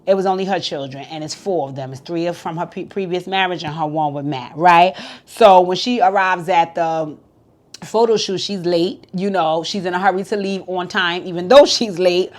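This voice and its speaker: Chatty low-voiced woman reviewing reality TV. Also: normal speed. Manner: candid, chatty, swears freely. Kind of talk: casual recap commentary.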